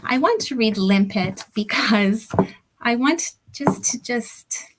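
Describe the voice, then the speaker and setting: Woman, middle-aged, poet, unhurried poetry reading, measured phrasing, soft near-whispers, video call mic. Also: a little high, animated, background noise. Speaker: poet reading her own work. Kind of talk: poetry reading at a book launch. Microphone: computer or headset mic on a video call.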